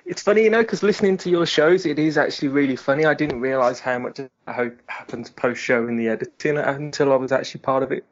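A man's voice: mid-range voice, fast talker, few pauses. A man, a guest on a casual podcast, amused and teasing. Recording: dull lo-fi podcast mic.

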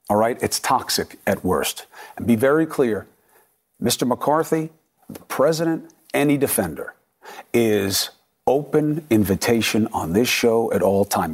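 A man's voice: mid-range voice, a little mellow. A middle-aged man anchoring a cable news commentary segment, punchy and emphatic, firing off rhetorical questions.

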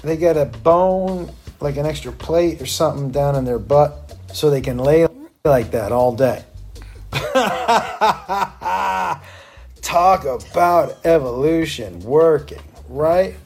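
A man's voice: a little high, expressive, slow, creaky, darkish tone, soft background music. A man in a stoned state, rambling through a profane, tangent-filled commentary.

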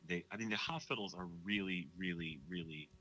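A man's voice: low-pitched, fairly quick, sharp tone, slight background noise. A man co-hosting a casual chat show, with a dry, wry sense of humor. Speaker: podcast co-host.

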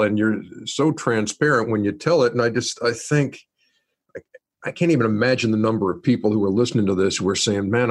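A man hosting and asking the guest questions in an encouraging, rambling way. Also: medium pitch. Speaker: host. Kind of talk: interview questions.

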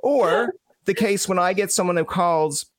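A man's voice: sits high, a little slow, no echo. Jokey man hosting a podcast, dry sound. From Newfoundland. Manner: loose, filler-heavy, jokey. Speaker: podcast host. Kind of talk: casual podcast chat.

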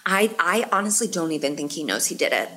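A woman from Indiana, a comedian co-hosting a casual sports podcast, candid and animated with frequent laughter. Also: low-pitched, quick pace. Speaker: comedian and co-host.

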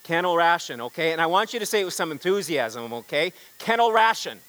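Male pastor, high voice, conversational sermon with stumbles and audience call-outs. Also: expressive, quick pace, a bit bright, rough recording. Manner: storytelling with congregation call-and-response; frequent repeated words and restarts.

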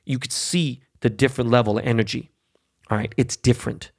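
A man's voice: medium pitch, steady tone, fairly quick, darkish tone, husky. A man hosting a podcast, ranting angrily and bluntly with heavy swearing and constant "okay?" and "right?" tag questions. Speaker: podcast host. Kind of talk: profane political rant.

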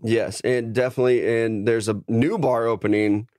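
A man's voice: medium pitch, fairly even intonation, moderate pace, darkish tone, no room sound, studio quality. A man co-hosting a sports podcast, telling tailgate stories in loose, swearing banter. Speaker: podcast co-host. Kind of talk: casual chat.

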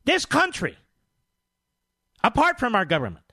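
A man's voice: extremely high pitch, wildly swooping pitch, sharp tone, dry recording, clean studio sound. A man hosting a talk radio show, scornful, indignant and combative in his commentary. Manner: indignant, scornful, rapid-fire.

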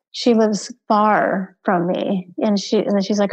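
A woman's voice: mid-range voice, normal speed, few pauses, darkish tone, highs cut off. A middle-aged woman, a mother of two, telling a candid personal story in rambling, hesitant bursts and acting out the dialogue she remembers. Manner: rambling, acts out quoted dialogue, hesitant restarts.

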